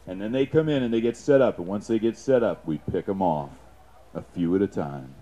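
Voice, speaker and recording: A man's voice: on the low side, animated, fairly quick. Fiery, profane male speaker, dull recording. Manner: fiery, profane, with shouted sound effects. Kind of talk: impassioned public speech.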